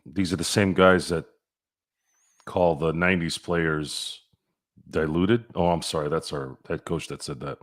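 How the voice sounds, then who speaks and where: A man with an extremely deep, low voice co-hosts a sports podcast. He speaks bluntly and states strong opinions. He drops sarcastic asides into the casual chat. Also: fairly even intonation, a little slow. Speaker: podcast co-host.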